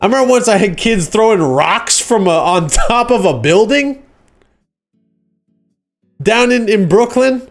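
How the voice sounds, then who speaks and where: A man hosting a casual livestream, rambling and joking, acting out quoted shouts. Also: high-pitched, expressive, measured pace, vocal fry, long pauses, faint music behind. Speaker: livestream host.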